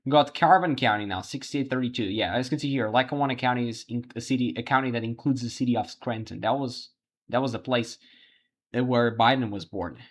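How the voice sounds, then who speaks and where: A man hosting a livestream, giving live election results commentary while thinking aloud, halting with frequent restarts. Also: medium pitch. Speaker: livestream host.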